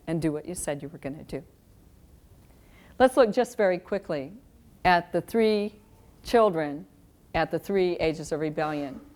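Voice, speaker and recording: A middle-aged woman giving a live parenting lecture, wry and lively, acting out quoted parents and kids. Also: medium pitch. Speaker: parenting speaker.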